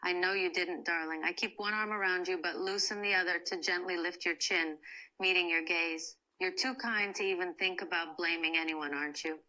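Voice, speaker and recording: A woman voicing a cold, proud woman who softly comforts a crying friend in a first-person comfort role-play. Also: fairly low pitch, fairly even intonation, rough recording. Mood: tender. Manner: soft, slow, soothing.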